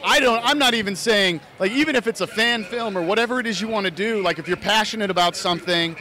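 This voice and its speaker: A man's voice: high voice, quick pace, pushed and bright. An American man, an actor and fan filmmaker, talking earnestly and at length in a casual interview, often restarting his phrases. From United States (Idaho).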